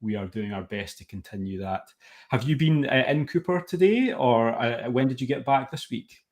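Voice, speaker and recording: A middle-aged man hosts a podcast from his home in an easygoing, chatty way. His voice sits at an ordinary middle pitch, and he rambles a little with loose restarts. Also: expressive, normal speed. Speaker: podcast host. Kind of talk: casual podcast chat.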